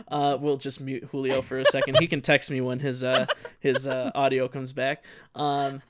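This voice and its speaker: A man's voice: medium pitch, flat delivery, slow, pauses often. A man hosting a podcast in casual chat, rambling with lots of fillers and frequent laughter. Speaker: podcast host.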